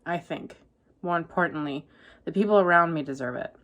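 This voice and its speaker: A woman book vlogger talking casually to camera, deadpan and exasperated as she rants. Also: lowish voice, brisk, muffled recording. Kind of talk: casual reading vlog.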